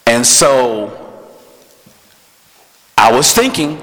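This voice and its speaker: Man, preacher, bright forceful voice, conversational sermon, long hall reverb. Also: medium pitch, slow pace, pauses often. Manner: conversational, animated, acts out quotes. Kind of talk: sermon with personal testimony.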